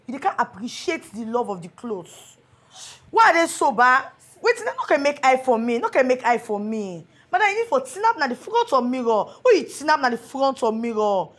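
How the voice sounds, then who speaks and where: A woman with a Nigerian Pidgin accent playing a brash, boastful young designer who talks loudly in a sing-song way. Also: sits high, breathy edge, full character voice.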